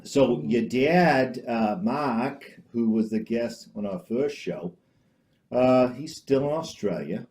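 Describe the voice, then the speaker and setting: A man hosting a homemade comedy talk show, rambling and deadpan, constantly hesitating with uh and um. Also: mid-range voice, takes it slowly. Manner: hesitant, full of uh and um, restarts. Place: small home studio with green screen.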